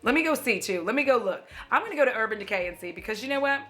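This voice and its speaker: A bright, clear-toned American woman talking to camera in a loose, joking vlog style. She rambles, swears casually and laughs at herself as she reviews makeup. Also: a little high, animated, very fast, faint music behind. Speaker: beauty YouTuber.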